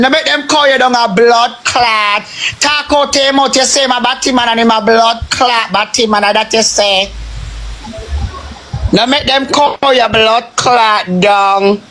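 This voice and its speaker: A man's voice: extremely high pitch, bright, forceful tone. A man with a Jamaican accent doing a heated, repetitive rant on a phone live stream, swearing heavily. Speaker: social media live streamer.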